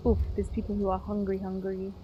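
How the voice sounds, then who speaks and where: A woman's voice: medium pitch, completely flat delivery, a little fast, lo-fi sound, a little hiss or hum. A woman streaming a game, chatting casually and swearing while she plays. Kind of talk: casual gameplay commentary.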